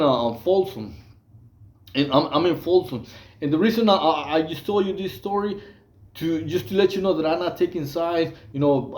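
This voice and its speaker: A man's voice: fairly high pitch, darkish tone, echoey room. A man from Mexico, casually telling prison stories in a rambling way, full of fillers, restarts and slang. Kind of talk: casual storytelling monologue.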